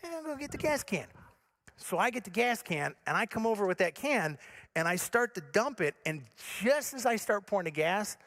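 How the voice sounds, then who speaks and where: A male pastor preaching a sermon by telling a comic personal story in an animated, self-mocking way. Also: on the high side.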